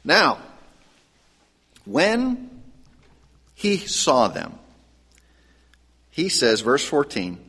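A pastor preaches in a conversational, lively teaching manner, slipping into voices for quoted lines. His voice sits a little high for a man, and it rings out in a long hall reverb. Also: very slow, pauses often, breathy edge. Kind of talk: sermon.

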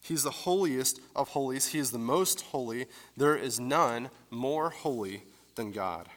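A pastor teaching a conversational sermon in a church, explaining scripture with casual fillers. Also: male voice, medium pitch, animated, measured pace, in a large hall. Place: church sanctuary.

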